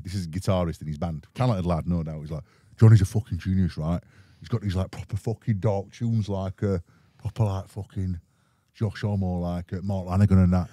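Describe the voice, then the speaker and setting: A man's voice: deep voice, brisk, dark tone, dry recording, clean studio sound. A man with a Sheffield accent telling rowdy, sweary anecdotes in a casual podcast chat and acting out the voices in them. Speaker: guest musician.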